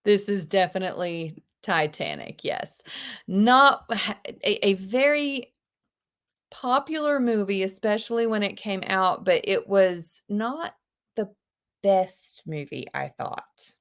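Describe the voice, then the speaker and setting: Chatty teacher on a video call. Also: female voice, mid-range voice, takes it slowly, clean tone. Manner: lively, chatty, gasps with delight, quotes movie lines in put-on voices. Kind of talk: live online class, casual teaching.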